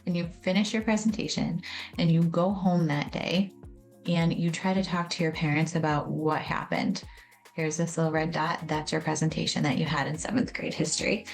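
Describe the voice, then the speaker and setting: A woman's voice: deep voice, little pitch movement, normal speed, faint music behind. A woman explaining how memory works in a casual, conversational way, acting out little scenes as she goes. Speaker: educator explaining memory and trauma. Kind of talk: explanatory video talk.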